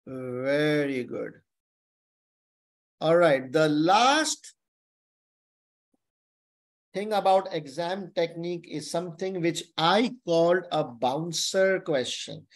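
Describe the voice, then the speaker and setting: Slow, deliberate male exam tutor. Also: a little high. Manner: repeats key points, checks in with "okay?". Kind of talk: webinar lecture. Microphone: webinar microphone.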